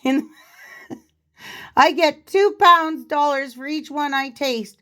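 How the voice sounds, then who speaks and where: A woman's voice: high-pitched, slow, pushed and bright, voice pushed up, full character voice. A woman voicing a boastful woman who claims to be a long-lost aunt, in a put-on Nigerian accent.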